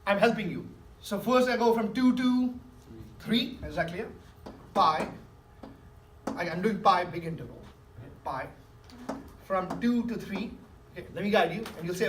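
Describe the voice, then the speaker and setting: A man teaches math in a high, expressive voice at normal speed, pausing often as he coaxes his students and checks their understanding with questions. The echoey classroom is captured from afar with a faint hiss.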